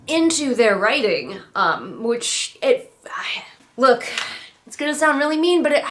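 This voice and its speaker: This book reviewer has a nasal voice that sits high and sounds a bit bright. She sits in a chair at home, picking a book apart in a snarky, sarcastic, casual way.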